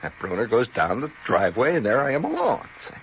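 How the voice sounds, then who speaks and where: A man's voice: medium pitch, huge pitch swings, fast talker, slight background noise. A man hosting a radio show, telling a long rambling story with chuckles and asides like "see?" and "you know". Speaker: radio host. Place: radio studio. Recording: dull lo-fi 1970 radio broadcast.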